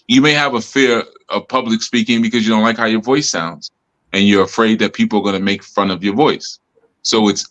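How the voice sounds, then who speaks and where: A man with a deep bass voice, teaching in a relaxed, reflective way with many "you know" asides, on a live stream. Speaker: spiritual teacher and host. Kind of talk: casual teaching talk. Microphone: live stream mic.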